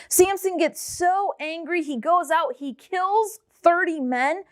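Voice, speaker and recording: A woman teaching children's church, telling a Bible story in an animated way and speaking directly to the children. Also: high voice. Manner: animated, addresses the kids directly.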